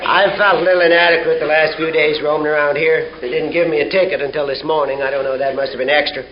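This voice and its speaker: A man's voice: on the high side, fairly even intonation, fast, a crowd in the background. A man speaking at a recovery meeting, telling folksy jokes and laughing along with them, on a dull 1970 tape. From Canada. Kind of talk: humorous storytelling talk.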